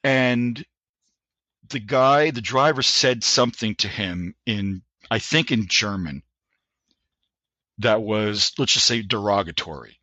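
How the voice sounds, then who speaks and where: An American Army veteran in his 60s, appearing as a guest on a podcast, tells anecdotes with a forceful, bright manner in a lowish, slightly slow voice. He's animated, often restarts his sentences and acts out quotes, and the audio is dull with no room sound.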